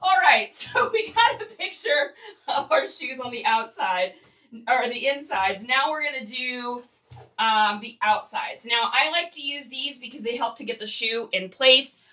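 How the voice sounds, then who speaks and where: A chatty, giggly woman leads a casual livestream tutorial and talks straight to her viewers. Her voice is high and bright. She sits a little back from the microphone. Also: measured pace, recorded from a distance. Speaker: online reseller teaching on a livestream.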